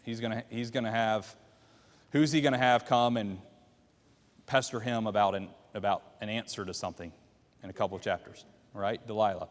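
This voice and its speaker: A man's voice: fairly low pitch, fairly even intonation, moderate pace, long reverb tail. A man teaching a Bible class, walking listeners through the story by quizzing them with questions. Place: church classroom.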